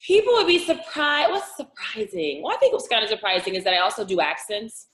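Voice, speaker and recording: A woman from Louisiana, an actress, chatting as an interview guest in an animated way, laughing often and acting out quotes. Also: medium pitch, fairly quick, roomy sound, poor audio. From Louisiana, USA. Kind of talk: casual interview chat.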